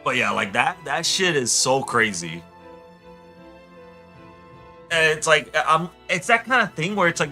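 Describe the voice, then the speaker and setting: A young man streaming a game, rambling excitably as he tells stories and chats. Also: on the high side, moderate pace, long pauses, faint music behind. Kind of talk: casual gameplay chat.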